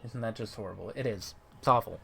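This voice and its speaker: A man's voice: on the low side, quick pace, vocal fry, slight background noise. Joking male gaming streamer. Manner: joking, laughs often. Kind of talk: let's play commentary.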